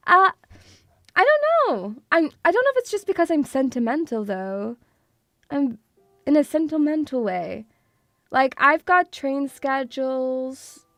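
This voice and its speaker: High-voiced, foul-mouthed woman streamer. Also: a bit bright, dry recording. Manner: chatty, swears freely, calls viewers sweeties; self-mocking, laughs often. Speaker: VTuber streamer. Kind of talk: casual live-stream chat.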